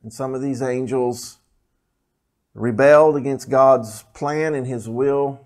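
Male preacher, mid-range voice, animated teaching sermon. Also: mid-range voice, slow pace. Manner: animated, rising emphasis, explanatory asides. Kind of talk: sermon with scripture reading.

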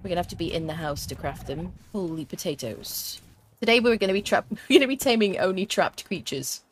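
A young woman streaming a video game, chatting excitably to the creatures and her viewers as she plays. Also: on the low side, brisk, slight background noise. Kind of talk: let's play commentary. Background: faint game music.

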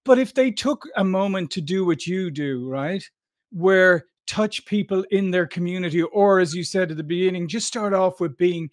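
A man's voice: high voice, normal speed. A man hosting an interview podcast, reflecting on his guest's story with engaged commentary. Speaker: podcast host. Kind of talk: interview conversation.

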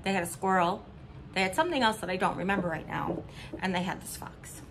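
A woman's voice: lowish voice, a little fast, creaky, fairly bright tone, slight background noise. A middle-aged woman from Missouri chatting casually in a haul vlog, upbeat and giggly, with rambling asides. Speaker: vlogger.

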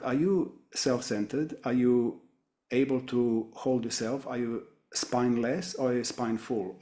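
Guy teaching a webinar, calm and reflective, firing off question after question, mid-pitched voice.

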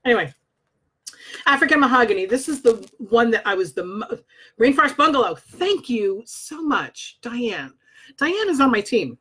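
A woman's voice: on the high side, sing-song, moderate pace, a bit bright, slightly rough. A married woman, a scent consultant, chatting bluntly and swearing casually as she reads scent descriptions aloud in a vlog. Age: adult, married. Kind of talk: casual product review vlog. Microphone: own microphone.

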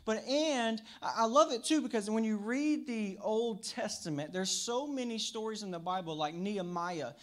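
A man's voice: high-pitched, normal speed, hardly any pauses, fairly bright tone. A man preaching a sermon in a church as pastor, with a slight country twang, upbeat and chatty, talking to the room and to viewers online. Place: church sanctuary.

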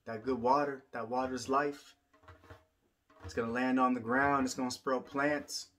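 A man's voice: mid-range voice, flat delivery, a little slow, fairly bright tone. A man teaching about the drum in a rhythmic spoken-word style, repeating lines like a chant. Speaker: poet and drummer. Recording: drum music playing throughout.

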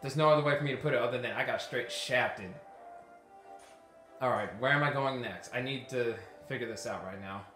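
Talking to himself in exasperation while he plays, this gameplay commentator gives a casual let's-play. His mid-range voice is pushed and bright and a little fast, recorded in an echoey room over game music.

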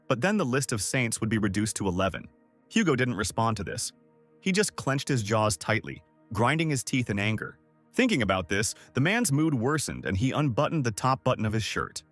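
A man's voice: medium pitch, a bit bright. A man narrating a comic recap in a scripted storytelling style.

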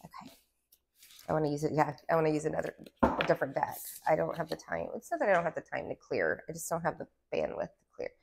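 A woman giving a casual tarot reading to her viewers, with a low voice and a gravelly, fried edge. She rambles in loose asides, studded with "like," in a breezy valley-girl lilt. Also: animated, fast, a little hiss or hum. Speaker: tarot reader.

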